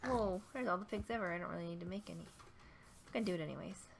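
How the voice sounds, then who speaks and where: A gaming video creator offers casual, playful commentary as she plays, talking to the animals on screen. She speaks fast, in a lowish voice with vocal fry. The home recording is noisy.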